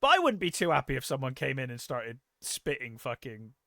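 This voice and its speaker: A man co-hosting a film podcast, retelling scenes in a casual, animated way, swearing freely and laughing often. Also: mid-range voice, fairly quick, gravelly, no echo, clean studio sound. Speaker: podcast co-host. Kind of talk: casual film review chat.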